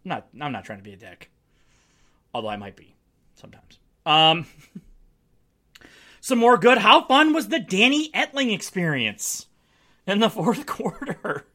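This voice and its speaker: A man's voice: sits high, huge pitch swings, a little slow, pauses often, pushed and bright. A man hosting a casual solo sports podcast, talking in a wry, joking way and laughing often. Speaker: podcast host.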